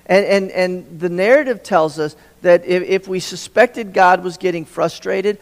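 Speaking a little slowly in a high-set voice, a man gives a sermon in a space with long hall reverb. He acts out quoted dialogue, stammering and repeating himself as he goes.

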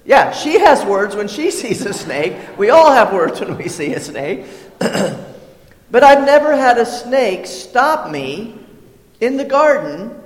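A high-pitched male pastor preaching a sermon in a chatty, conversational way, stumbling over repeated words and clearing his throat now and then. His voice rings out through a reverberant church hall.

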